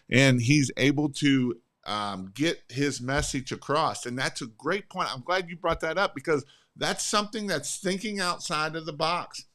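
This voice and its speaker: A man hosting a podcast, coaching on sales in an energetic, emphatic way and repeating his points. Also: fairly high pitch. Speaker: podcast host. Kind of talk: casual sales coaching chat.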